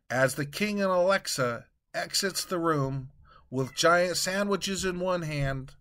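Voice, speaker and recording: A man hosting a comedy podcast and narrating a story in a deliberate, unhurried manner. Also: on the high side, a bit bright.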